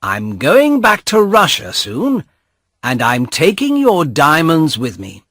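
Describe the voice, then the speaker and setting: A man's voice: fairly high pitch, wildly swooping pitch, slow, a bit bright, no echo, voice pushed up, exaggerated voice. A man voicing a greedy young man who taunts his sister in a storybook reading. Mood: taunting.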